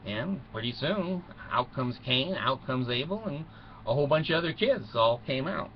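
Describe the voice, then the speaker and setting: A man's voice: medium pitch, expressive, moderate pace. A man telling a mock bedtime story to children in a folksy, rambling way, full of chuckles and asides. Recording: muffled recording with faint noise.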